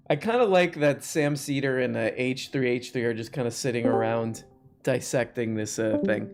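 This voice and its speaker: A man hosting a casual live stream, joking and playful in quick asides to callers and viewers. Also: medium pitch, darkish tone. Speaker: livestream host.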